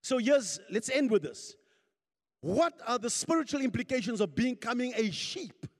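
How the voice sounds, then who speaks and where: A pastor preaching a sermon, leading his congregation in call and response and climbing to shouts at the peaks. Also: extremely high pitch, big pitch swings, normal speed. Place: church hall. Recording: long hall reverb.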